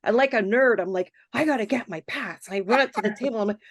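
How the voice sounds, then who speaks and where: A woman tells a story in a relaxed, chatty way, slipping into little voices for the people she quotes. The sound is dry and close with no room around it. She is a guest programmer on an interview show. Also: fairly high pitch, quick pace, no room sound. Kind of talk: casual storytelling in a podcast interview.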